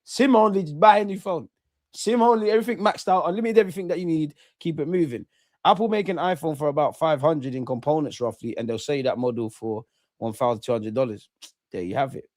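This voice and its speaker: A young English man in his twenties riffs on a live stream, full of slang and repeated phrases. His voice sits a bit high for a man. It sounds dry and close on the mic. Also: fast talker, a little mellow, no room sound. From England. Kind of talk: casual live-stream chat reading viewer comments.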